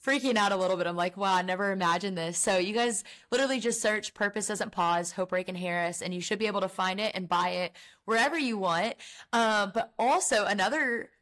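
A woman's voice: medium pitch, fairly quick, a bit bright. A young woman, a guest on a podcast, talking about faith and her book in an earnest, heartfelt way with many fillers. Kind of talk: casual faith chat.

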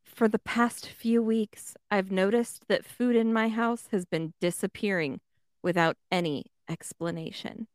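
A woman co-hosting a podcast, reading a listener's letter aloud at a steady pace. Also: mid-range voice, measured pace, no room sound, clean studio sound. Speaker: podcast co-host. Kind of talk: casual chat and reading aloud.

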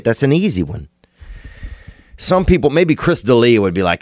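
A man from Louisiana delivering a rambling, digressive comedic monologue, now and then jumping into sudden high, excited bursts. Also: moderate pace, no room sound, clean studio sound.

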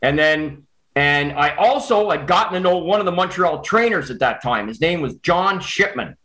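A Canadian man telling a personal story in casual chat, animated and quick with restarts. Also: fairly high pitch, poor audio.

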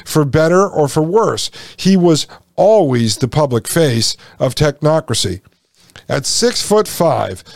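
A man's voice: fairly high pitch, a little mellow, no echo. A man hosting a podcast, reading passages aloud and breaking off into folksy, sarcastic asides to his listeners. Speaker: podcast host.

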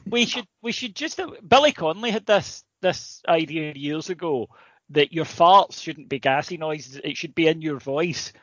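A man's voice: a little high, animated, moderate pace, fairly bright tone, no echo. A man co-hosting a casual comedy podcast, telling stories animatedly and swearing freely. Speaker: podcast co-host. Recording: dull lo-fi sound, dry.

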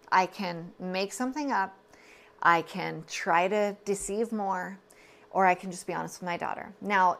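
A woman's voice: medium pitch, a bit bright. A woman, telling a personal story on her podcast in an earnest, confiding way, full of asides and self-corrections. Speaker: podcast host.

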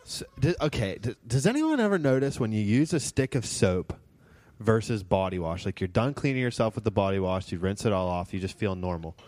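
A man's voice: fairly low pitch, expressive, fairly quick, a little mellow, dry recording. A young man co-hosting a podcast from a home kitchen in laid-back casual chat. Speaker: podcast co-host.

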